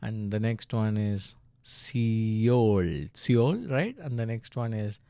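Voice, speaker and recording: A man teaching how to read and type letters in a casual screen tutorial. He speaks haltingly, with many fillers and restarts, and chuckles now and then. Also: on the low side, darkish tone, clear, resonant tone, no room sound. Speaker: language tutor.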